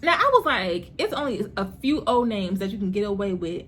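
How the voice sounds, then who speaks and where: A woman in a casual TV recap vlog, talking fast and loose with plenty of slang and frequent laughter. Her voice sits at an ordinary middle pitch. Faint background noise hums behind her. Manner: chatty and animated, slangy, laughs often. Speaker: host reviewing a TV series.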